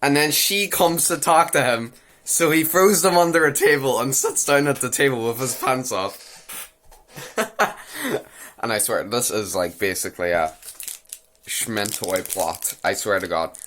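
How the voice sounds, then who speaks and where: A young man rants his way through an anime recap in a casual, mocking voice. His tone is bright and forceful, and he loops back on phrases as he goes. He is crude and laughing at the show rather than reviewing it seriously. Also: medium pitch, measured pace, slight background noise.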